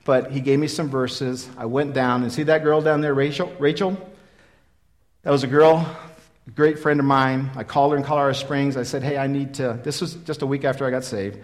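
A man in his fifties gives a sermon with personal testimony, recounting his own story earnestly and repetitively, swinging between loud emphasis and quiet. His mid-range voice is steady in tone and runs a little fast.

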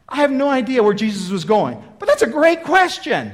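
A male preacher with a high-pitched voice delivers a folksy, conversational sermon. He acts out Bible dialogue with animated emphasis. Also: a little fast.

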